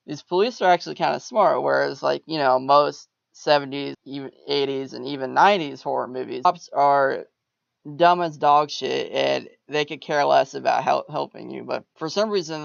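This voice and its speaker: Gravelly, irreverent man recapping a movie. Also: mid-range voice, no echo. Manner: rambling, irreverent, profane. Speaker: podcast host. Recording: muffled lo-fi recording.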